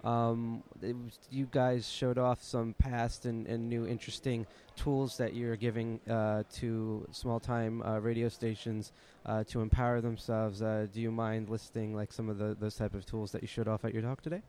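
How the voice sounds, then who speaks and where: A man's voice: medium pitch, level tone, moderate pace, mellow. A man interviewing a guest at a conference, casual and hesitant, full of uhs and likes. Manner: hesitant, lots of uh and like.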